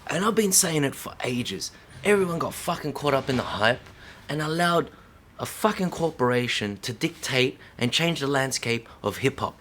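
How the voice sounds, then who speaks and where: A man's voice: mid-range voice, animated, moderate pace, fairly bright tone, a little hiss or hum. A middle-aged man speaking to camera in an unscripted monologue, heated and profane, full of slang, who keeps checking in with "yeah?". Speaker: vlogger.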